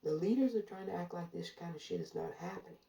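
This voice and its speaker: A woman's voice: lowish voice, quick pace, mellow. A woman giving an emphatic, repetitive commentary monologue, drawing out her stressed words. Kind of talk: casual monologue to camera. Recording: echoey room from far off.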